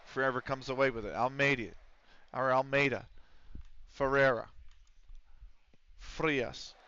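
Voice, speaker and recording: Male streamer, bright, sharp voice, casual and profane, chat-reading and commentary, dull mic. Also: medium pitch, steady tone, a little slow, clean tone. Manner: swears freely, chats with viewers between play-by-play calls.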